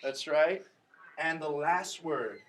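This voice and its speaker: A woman's voice: low-pitched, takes it slowly. A female teacher leading a vocabulary lesson for second graders, encouraging them with questions. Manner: encouraging, prompting children with questions. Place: classroom with children. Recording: noisy classroom full of children. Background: children chattering.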